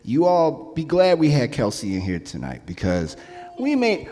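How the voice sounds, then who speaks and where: A man hosts a live radio broadcast, his voice rising and falling with animated energy. He chats casually, tossing in laughing asides as he introduces guests. A long reverb trails behind his words in the studio space. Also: medium pitch, normal speed. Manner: lively, chatty, laughing asides. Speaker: radio host. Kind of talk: live radio show hosting.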